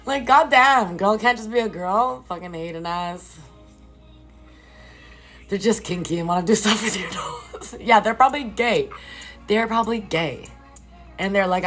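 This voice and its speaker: A woman live streaming from a hotel room, ranting casually and profanely to her viewers in an incredulous, animated way. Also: medium pitch. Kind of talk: casual chat.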